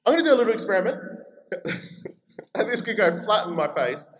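A man with an Australian accent preaching a sermon in a chatty, energetic way, reading scripture aloud. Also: high-pitched, brisk, a little hiss or hum, poor audio. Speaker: pastor.

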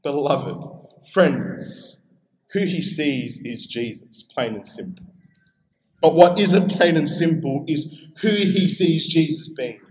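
High-voiced Australian preacher, echoey room. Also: male voice, takes it slowly, darkish tone. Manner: conversational preaching, acts out quoted voices. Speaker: pastor. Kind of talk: sermon.

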